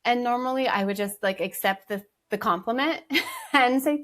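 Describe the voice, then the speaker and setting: A woman's voice: a little high, lively intonation, normal speed, a bit bright. A woman guest on a casual podcast chat, an energy healer telling her story in a careful, reflective way.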